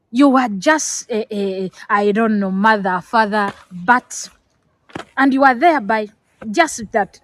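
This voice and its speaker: A middle-aged woman from Africa speaks to camera as a vlogger, giving an earnest, lecturing talk about parenting that turns emotional, leaving her near tears. She uses many fillers and restarts, and her mid-range voice is captured in a low-quality recording with slight background noise.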